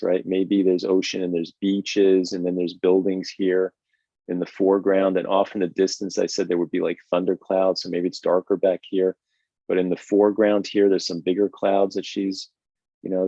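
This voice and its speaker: A man's voice: deep voice, monotone, normal speed, mellow, dry recording. A man hosting a live drawing lesson, talking energetically and conversationally, often checking in with "right?". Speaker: drawing instructor and host. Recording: dull, lo-fi, dry stream audio.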